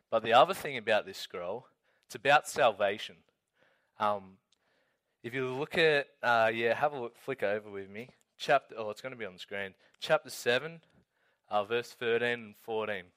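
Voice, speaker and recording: Bright chatty young Aussie youth leader. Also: male voice, fairly low pitch. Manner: chatty, storytelling, lots of "like" and "um". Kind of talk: casual youth talk with Bible reading.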